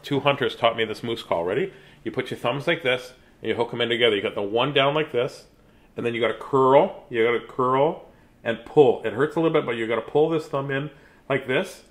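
A man's voice: medium pitch, a bit bright. A man hosting a live book-reading show for children, chatting casually and playfully with viewers and breaking into silly sing-song chants and mock announcer calls. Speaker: host reading children's books on a livestream.

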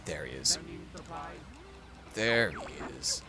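Tipsy, swearing low-voiced man gaming. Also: big pitch swings, slow. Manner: profane, rambling, mock-dramatic pleading. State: tipsy from drinking. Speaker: let's play gamer. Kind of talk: casual let's play commentary. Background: video game music.

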